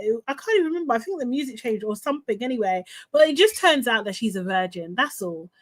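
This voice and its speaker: Woman host, live casual recap chat, slightly high voice, lively and laughing, loose with fillers. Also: fairly quick, few pauses. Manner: chatty and animated, laughs often, many fillers. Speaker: host recapping a reality show.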